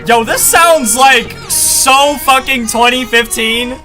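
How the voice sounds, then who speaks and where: A young man hosting a live music review stream, talking in an excitable, profane, rambling way full of fillers. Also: extremely high pitch, takes it slowly. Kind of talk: casual live-stream commentary. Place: home streaming setup, wearing headphones.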